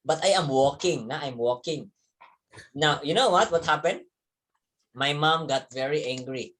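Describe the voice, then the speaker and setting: A man's voice: fairly high pitch, normal speed, fairly bright tone, a little hiss or hum. A man, a teacher telling young students a story from his childhood, repeating words and chuckling as he goes. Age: 30s.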